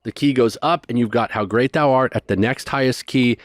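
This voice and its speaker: A man telling a story as a guest in a conversation, animated and rushing through details. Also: mid-range voice, no room sound. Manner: animated, fast bursts of detail.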